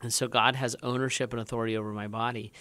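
Male pastor co-host, smooth resonant voice, measured and thoughtful. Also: mid-range voice, flat delivery, bright, forceful tone, dry recording. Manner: thoughtful, halting restarts. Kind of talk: casual podcast discussion.

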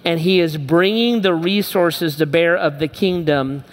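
A man's voice: fairly high pitch, unhurried. A middle-aged male pastor preaching a sermon, emphatic and repetitive, speaking straight to his listeners. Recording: long hall reverb.

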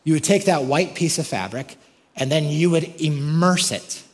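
A male pastor preaches with lively, animated delivery. He talks straight to his congregation with frequent questions and lifts his voice sharply on quoted verses. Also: fairly high pitch, normal speed, in a large hall. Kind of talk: sermon.

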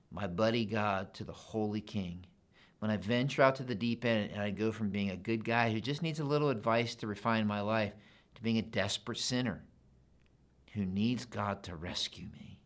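A man preaching a sermon in a conversational, animated way, building to emphatic repetition. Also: lowish voice. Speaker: pastor.

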